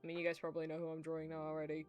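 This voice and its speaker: A woman's voice: sits low, monotone, very fast, a little mellow, soft background music. Giggly rambling young woman streamer. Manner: rambling, giggly, swears freely. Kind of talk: casual livestream chat while drawing.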